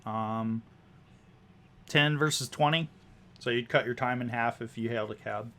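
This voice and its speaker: A man's voice: mid-range voice, pushed and bright. Man narrating as game master. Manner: unhurried, descriptive, many fillers.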